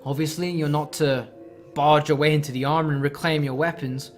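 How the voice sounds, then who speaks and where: A man's voice: a little high, steady tone, brisk, soft background music. Man narrating a horror tabletop game. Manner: loose, filler-heavy narration. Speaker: game master.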